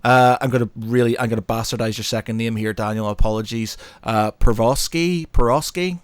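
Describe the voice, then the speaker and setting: Male podcast host, lively and sweary, mid-pitch voice, dry close sound; casual banter. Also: fairly quick, dry recording. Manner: animated, swearing, laughing often. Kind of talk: casual chat.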